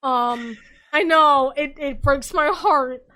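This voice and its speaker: A woman's voice: high-pitched, slow, bright, forceful tone, poor audio. A tipsy woman hosting a casual comic podcast, telling a story animatedly with lots of swearing and laughter. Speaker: podcast host.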